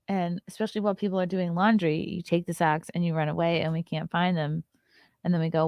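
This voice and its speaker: A woman's voice: lowish voice, normal speed, creaky, a little mellow, no echo, studio quality. A young adult woman hosting a casual morning talk show, reading news items aloud and breaking in with blunt, swearing asides. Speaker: podcast host.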